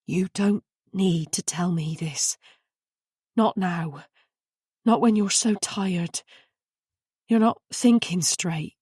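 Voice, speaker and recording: A woman reader voicing a caring friend who speaks gently and calmly to soothe her. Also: medium pitch, a little slow, pauses often, no room sound, studio quality, close to an everyday voice. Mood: soothing. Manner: soft, soothing, hushed.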